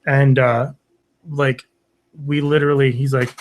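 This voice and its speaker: A man's voice: mid-range voice, a little slow. Guy telling a long story on a podcast, casual, swears a lot, does the other people's lines. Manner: animated, acts out quoted voices, swears often. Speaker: podcast guest.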